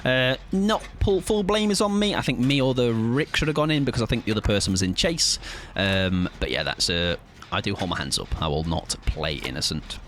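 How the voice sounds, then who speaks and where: A man's voice: mid-range voice, fairly bright tone, slight background noise. A young man streaming a game live, chatting to viewers in a playful, rambling, jokey way. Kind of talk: casual live-stream chat while gaming.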